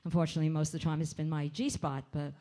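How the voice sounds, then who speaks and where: A woman's voice: deep voice, level tone, very fast, warm tone. A woman hosting at a comedy club, introducing the next act into a handheld mic with loose, teasing banter. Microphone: handheld stage mic.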